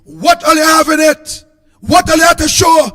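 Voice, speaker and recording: A man with a Trinidadian accent giving an impassioned political speech, shouting in a repetitive, sing-song way. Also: very high-pitched, moderate pace, long reverb tail. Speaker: political speaker.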